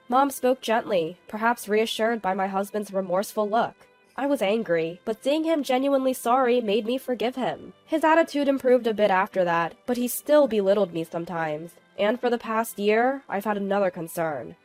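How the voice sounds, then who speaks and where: Woman reading her own story, calm and plain, fairly high voice, dry close audio, soft music behind. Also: normal speed, no echo. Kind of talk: scripted first-person narration.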